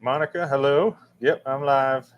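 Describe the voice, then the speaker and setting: A man's voice: mid-range voice, steady tone, a little slow, clean tone, highs cut off. A man hosting a casual livestream, reading chat and rambling with many fillers and restarts. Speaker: livestream host answering chat. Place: room with a fan running.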